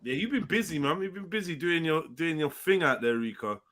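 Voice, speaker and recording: British guy hosting a stream, bright voice, teasing everyone. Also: fairly high pitch, expressive, fairly quick. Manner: joking, teasing, street slang. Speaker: host. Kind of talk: casual live-stream chat.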